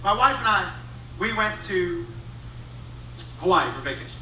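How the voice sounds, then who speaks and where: Middle-aged man, stand-up comedy, high voice, noisy club stage. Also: normal speed. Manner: animated, profane, acts out both sides of a dialogue. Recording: roomy, distant stage recording with background noise.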